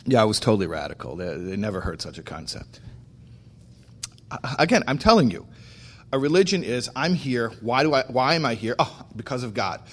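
A man speaking as a rabbi, telling stories about faith with slow, emphatic delivery. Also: medium pitch. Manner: animated storyteller acting out dialogue. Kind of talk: storytelling talk on faith.

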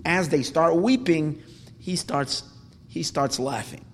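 A man's voice: fairly high pitch, slow, a little hiss or hum. A man telling a Talmud story as a Torah class, quoting Hebrew lines and then explaining them in English. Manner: retells with Hebrew quotes, animated rises when emphatic. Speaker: Torah teacher. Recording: long hall reverb.

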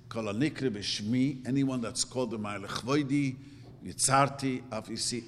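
A middle-aged man giving an earnest, repetitive religious teaching, with sudden jumps in pitch. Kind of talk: Torah class sermon. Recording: roomy hall reverb, faint noise.

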